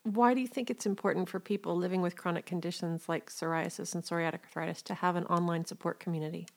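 A woman hosting an interview, asking questions and reading short explanations in a measured, calm way. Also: fairly low pitch, creaky. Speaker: interviewer host.

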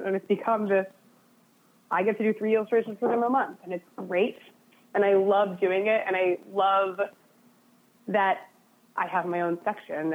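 A woman guest in a casual interview, talking in a chatty, self-deprecating way with lots of "like" fillers. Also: medium pitch. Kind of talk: casual conversation. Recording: phone-like narrow sound.

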